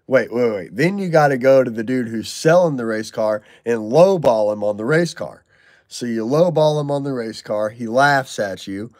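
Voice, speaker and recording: A man's voice: mid-range voice, dry recording, clean studio sound. A man in his thirties hosting a casual livestream, reading viewer comments and telling stories in loose, jokey slang. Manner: loose, slangy, jokey, excitable over donations. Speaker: livestream host.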